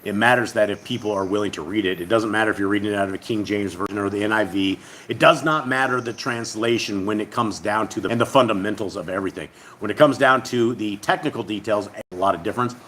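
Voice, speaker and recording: A man's voice: lowish voice, fast, a bit bright, a little hiss or hum. Rambling man leading a Bible study. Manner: rambling, conversational, reads scripture aloud. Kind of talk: casual Bible reading and teaching.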